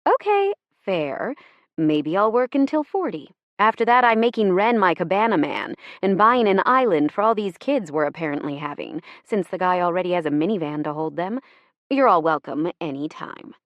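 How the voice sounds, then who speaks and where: A brash young woman jokes loudly and boldly, as a woman narrator puts her on. Her voice is playful and pushed a little higher than the reader's own. The sound is close and dry. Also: expressive, moderate pace, no room sound, dull audio. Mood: joking. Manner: loud, bold and playful.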